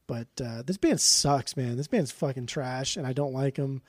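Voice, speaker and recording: Male podcast co-host, mellow dark voice, blunt and profane, rambling. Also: mid-range voice, moderate pace, no room sound, clean studio sound. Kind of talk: casual chat, album review.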